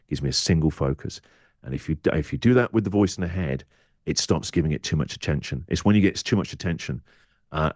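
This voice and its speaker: A man's voice: rumbling low, a little mellow, no room sound, clean studio sound. A middle-aged English radio presenter speaking candidly as a podcast guest, acting out his inner voice in quoted asides.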